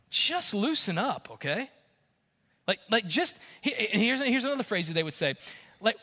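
A high-voiced man delivers a sermon with a bright, forceful tone. He preaches with lively energy and acts out the voices of the people he quotes. His words ring out with a long reverb in a big hall. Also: moderate pace. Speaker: pastor.

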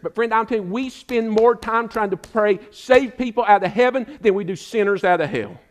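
An older man preaches a sermon, his voice pitched notably high. He exhorts emphatically and keeps appealing directly to his listeners as friends. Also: fairly bright tone. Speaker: pastor.

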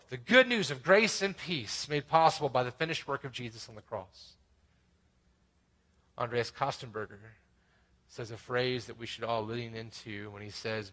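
A man preaching a sermon, building to emphatic peaks and dropping to quiet, conversational asides. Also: on the high side. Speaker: pastor.

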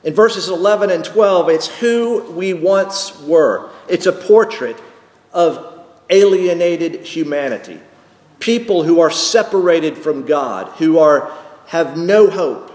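A male pastor preaching a sermon slowly and emphatically, repeating key phrases for weight. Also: on the high side, lively intonation, a little mellow. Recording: echoey hall with long reverb.

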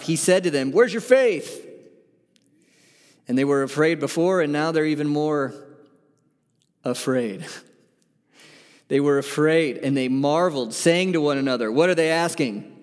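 Earnest male pastor preaching in a hall. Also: mid-range voice. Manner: earnest, emphatic preaching with rhetorical questions. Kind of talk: sermon.

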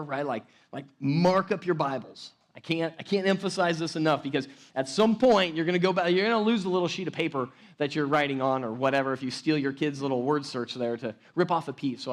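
A man preaching a sermon as pastor, talking casually with many restarts and tag questions like "right?", and building energy as he teaches. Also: on the high side. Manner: conversational, rambling with restarts and "like, right?".

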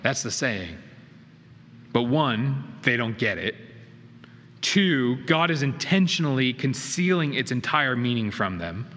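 A man's voice: medium pitch, sing-song, unhurried, fairly bright tone. Man preaching in an echoey church. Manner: earnest, emphatic, with rhetorical questions. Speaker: pastor. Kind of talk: sermon. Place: church sanctuary. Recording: reverberant hall with faint noise.

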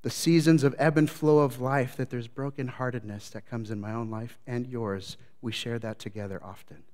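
A male pastor preaching to his congregation, his voice carrying a long reverb tail through the sanctuary. He moves between bursts of loud, animated storytelling and low, quiet, reflective passages. His pitch sits in an ordinary middle range. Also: normal speed. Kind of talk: sermon. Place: church sanctuary.

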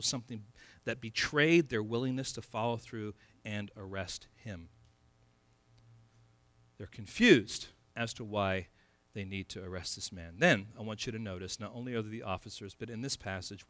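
A man preaching an expository sermon, building to emphatic peaks and dropping low again. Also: a bit bright, no room sound. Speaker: pastor.

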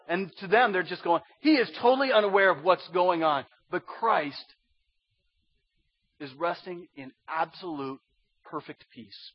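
Man, pastor, sermon, slightly high voice, hushed to pleading. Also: unhurried, slightly rough, no room sound, lo-fi sound. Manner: swings from hushed to loud pleading.

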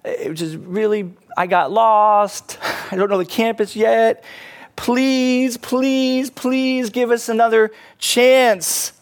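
A man's voice: steady tone, takes it slowly. A man mimicking whiny begging college students. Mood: pleading. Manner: whiny, high-pitched begging. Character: pleading young college students begging for extensions.

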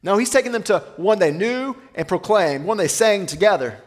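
A man preaching a sermon, asking rhetorical questions and slowing down to read scripture aloud. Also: high-pitched, animated, long reverb tail. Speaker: pastor.

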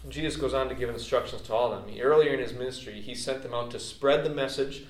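A man's voice: mid-range voice, fast talker. Guy giving a laid-back sermon, lots of "like" and "you know", sounds kinda far from the mic in a roomy space. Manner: loose, chatty, with many fillers and restarts. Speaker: pastor. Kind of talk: casual conversational sermon. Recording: echoey room, mic at a distance, faint ambience.

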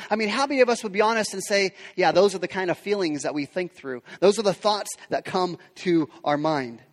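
A man's voice: high-pitched, fairly quick, few pauses, big-room sound. A man preaching a sermon in an earnest style, repeating phrases and restarting lines as he builds his point. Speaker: pastor.

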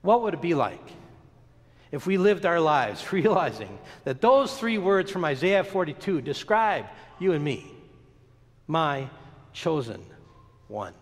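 A man delivers a sermon with a lively, sweeping pitch, leaning into slow emphatic pauses as he tells a story. His voice sits a little high for a man. It rings with a long reverb, as if he is in a large church. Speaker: pastor.

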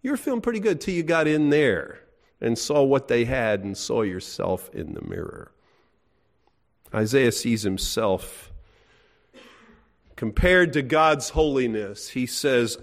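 A man's voice: medium pitch, lively intonation, unhurried, pauses often. A middle-aged man preaching a sermon in a folksy, emphatic way, asking his listeners questions. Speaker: pastor.

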